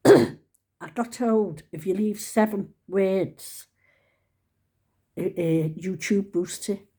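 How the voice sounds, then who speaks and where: A woman's voice: medium pitch, drawn-out words, long pauses, mellow, slightly rough. A woman in her seventies chatting casually to her followers, rambling and fond. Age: 70s. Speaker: vlogger. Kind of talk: casual chat to camera.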